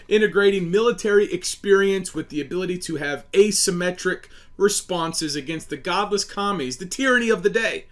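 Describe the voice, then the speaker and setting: Male host, fairly high-pitched, forceful and preachy delivery with stumbles. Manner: emphatic, preachy, stumbles over words. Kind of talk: political monologue.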